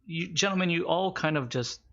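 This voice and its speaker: A man running a tabletop game as game master, narrating casually with fillers and slowing down for calm scenes. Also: fairly high pitch, muffled recording.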